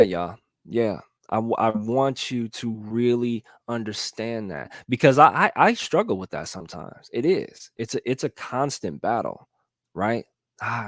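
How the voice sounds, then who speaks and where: A man's voice: fairly low pitch, dry recording, clean studio sound. A middle-aged man hosting a motivational live talk, earnestly urging his viewers and repeating his points. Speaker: motivational livestream host.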